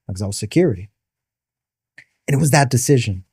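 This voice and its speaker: A man's voice: medium pitch, animated, fairly quick, warm tone, breathy edge, no echo, studio quality. A man, a podcast guest and military veteran, telling a personal story in vivid detail and patiently explaining military terms. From the Bronx, New York.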